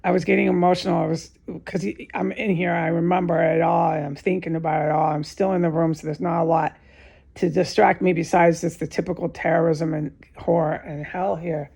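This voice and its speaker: A woman's voice: lowish voice, little pitch movement, a little fast, vocal fry, darkish tone, husky. A woman alone in a room, talking in an agitated, profane, repetitive monologue with many restarts. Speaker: vlogger giving testimony. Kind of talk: unscripted emotional monologue to camera.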